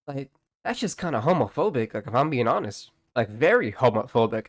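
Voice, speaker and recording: A man's voice: medium pitch, very animated, fairly quick. A young man giving casual vlog commentary, full of profane slang and filler words. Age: young adult. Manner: profane slangy banter, lots of "bro" and "like". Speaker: YouTube commentator.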